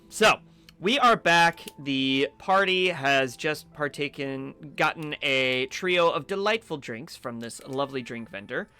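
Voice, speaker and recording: Bright-voiced man narrating as game master. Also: medium pitch, smooth, no echo. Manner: relaxed, rambling descriptions with many fillers.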